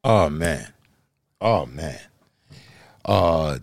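A man hosting a podcast, giving a relaxed, loose critique of a poem and laughing often. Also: low-pitched, extremely slow, pauses often, no echo, studio quality. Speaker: podcast host. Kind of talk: casual critique.

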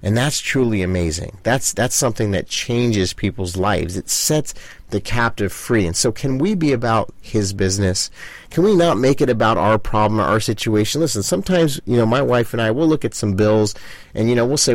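A middle-aged pastor gives fervent preaching talk, speaking straight to the listener and repeating phrases again and again. His voice is medium-pitched with lively intonation and a fairly quick pace, and the recording is dry.

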